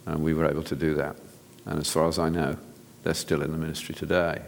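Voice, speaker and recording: A man's voice: rumbling low, level tone, fast, gravelly, big-room sound. A man, a physician, giving an earnest, direct sermon-style talk to an audience, often restarting his sentences. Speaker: physician speaker.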